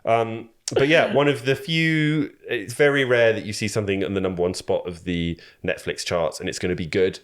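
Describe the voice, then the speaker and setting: A man's voice: lowish voice, steady tone, normal speed, few pauses. A man hosting a podcast, rambling casually with lots of fillers and restarts. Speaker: podcast host. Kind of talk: casual chat.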